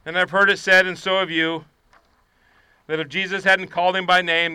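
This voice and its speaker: A man preaches with a high, strikingly bright and crisp voice, recorded dry and close. He climbs to shouted, fervent peaks, then drops into low, quiet confiding. His style is a full sermon. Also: level tone, normal speed, pauses often, no room sound. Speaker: pastor.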